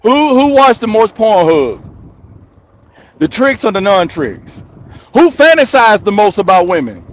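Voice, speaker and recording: A man with a high-pitched voice delivers casual opinion commentary to his audience. He takes his time, hammering each point home by repeating it and laughing between thoughts. He speaks straight to his viewers as the host of his own channel. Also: very animated, unhurried.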